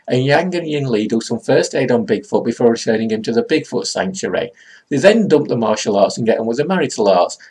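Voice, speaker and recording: A man's voice: mid-range voice, darkish tone, husky. A man, giving a comedic comics review in a sarcastic, rambling way.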